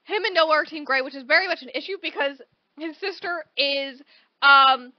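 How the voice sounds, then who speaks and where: A woman co-hosting a podcast, recapping a novel in animated, casual chat full of "like" and "right?", with casual swearing. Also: high voice, normal speed, dry recording, dull audio. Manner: animated storytelling, peppered with "like" and "right?". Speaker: podcast co-host.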